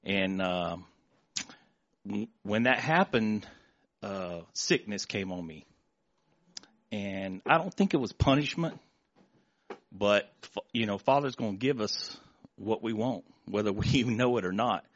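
A middle-aged man giving an emotional, halting testimony before a congregation, often repeating words and restarting his sentences. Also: lowish voice, no room sound, muffled recording. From Florida. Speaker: church member giving testimony.

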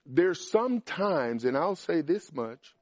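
An emphatic male preacher, climbing higher and louder as he drives points home. His voice sits fairly high for a man. The recording is dull and dry, with no room sound. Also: very animated, slow pace, dry recording. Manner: emphatic, rises in pitch and volume on key points. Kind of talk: sermon with Q&A.

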